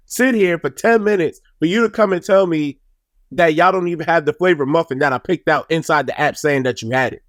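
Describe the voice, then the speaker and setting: A man's voice: high voice, normal speed, dry recording, clean studio sound. Exasperated young man telling a story. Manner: animated, exasperated comic storytelling with profanity. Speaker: podcast host. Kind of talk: casual storytelling.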